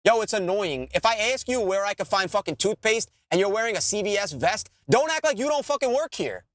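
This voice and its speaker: A man's voice: high-pitched, fairly quick, dry recording. A man, co-hosting a podcast and ranting in casual, profane chat. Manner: animated, swearing ranter. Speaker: podcast co-host.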